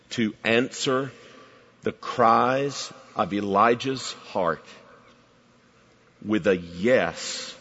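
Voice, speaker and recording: A middle-aged man preaching a sermon, swinging from loud emphatic build-ups down to near-whispers. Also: on the low side, slightly rough, in a large hall, dull audio.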